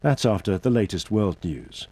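A man announcing upcoming programme items in a lively trailer. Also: fairly low pitch, moderate pace, slightly rough. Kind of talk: promotional trailer.

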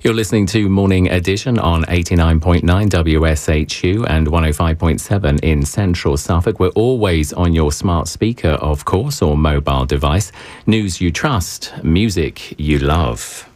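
A male public radio host who interviews a guest and reads station announcements in a measured, polished way. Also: deep voice, darkish tone, no echo. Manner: measured, polished broadcaster delivery. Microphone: studio microphone.

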